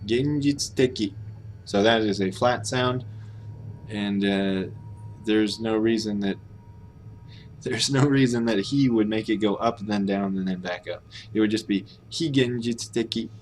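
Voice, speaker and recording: A man's voice: lowish voice, a little slow, slight background noise. A man streaming a game, thinking aloud and muttering as he puzzles over how to pronounce Japanese words. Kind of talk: casual think-aloud while reading game text.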